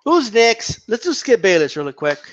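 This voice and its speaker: Animated high-voiced ranting man. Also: normal speed, lo-fi sound. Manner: animated, profane, repeats words and stutters. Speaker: boxing commentator. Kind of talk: opinionated casual rant.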